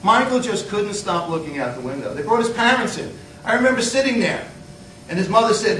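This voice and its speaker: A middle-aged man giving a humorous motivational speech, an animated storyteller acting out scenes. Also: a little fast. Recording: echoey hall, mic far off, low rumble.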